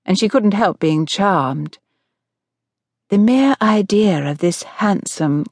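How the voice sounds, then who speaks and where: A woman's voice: lowish voice, darkish tone, dry recording, clean studio sound. Woman narrating a romance audiobook. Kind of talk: scripted narration.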